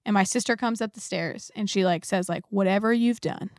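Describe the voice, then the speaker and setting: A woman's voice: mid-range voice, brisk, no echo, studio quality. A woman co-hosting a church podcast, sharing a personal story in casual chat with many "like"s. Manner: warm storytelling, says "like" often. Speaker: podcast co-host.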